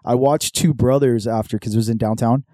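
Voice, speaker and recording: A man's voice: mid-range voice, steady tone, a little fast, warm tone, no room sound, studio quality. A young man, hosting a podcast and telling a story in casual chat, swearing a lot and acting out the voices of people in it. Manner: laid-back storyteller, swears a lot, acts out quotes. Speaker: podcast host.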